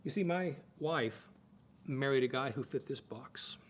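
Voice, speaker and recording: A man's voice: medium pitch, measured pace, a little hiss or hum. An older man giving a folksy, conversational teaching talk at a Bible college, often repeating words as he thinks aloud.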